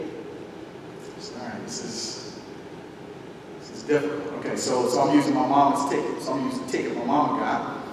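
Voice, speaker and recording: A man speaking at a slightly high pitch, telling a story to a room with animated energy and acting out the people in it. He is heard from far off in a big echoing hall, with clear background noise under his voice. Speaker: guest speaker. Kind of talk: storytelling lecture. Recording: echoey hall recording from far off, noisy.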